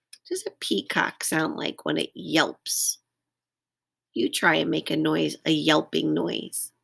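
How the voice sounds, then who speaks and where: A woman's voice: low voice, creaky, breathy edge. A woman reading a picture book aloud to young children at home, stopping to ask them to copy animal sounds. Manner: slow, expressive, invites listeners to make animal noises. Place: at home, indoors.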